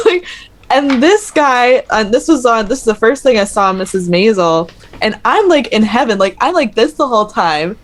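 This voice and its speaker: A woman's voice: on the high side, big pitch swings, normal speed. A young American woman, an actor guesting on a podcast, chatting casually with bubbly laughter and playful exaggeration. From United States.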